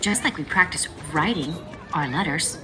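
A woman teaching preschoolers at circle time and reading a story aloud, animated and sing-song. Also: low-pitched, heavy background noise. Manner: slow, sing-song, animated for little kids.

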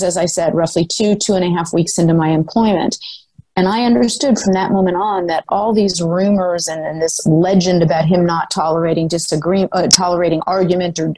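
A woman's voice: on the low side, fairly even intonation, brisk, warm tone, husky, no echo, low-quality recording. An older woman telling a story in a podcast interview, articulate and emphatic, speaking self-assuredly into a close mic. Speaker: guest, former sports executive.

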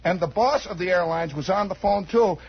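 A high, raspy-voiced American radio host in his forties talks a little fast, spinning a rambling, improvised yarn in the studio. He's wry and keeps veering into asides, and the audio has the dull, lo-fi character of a 1960s broadcast.

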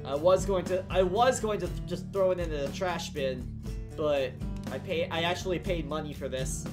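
Chill low-voiced woman streamer cussing a lot, music playing behind. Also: normal speed. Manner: swears a lot, laughs often, blunt reactions. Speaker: streamer reacting to horror game clips. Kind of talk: casual streaming commentary.

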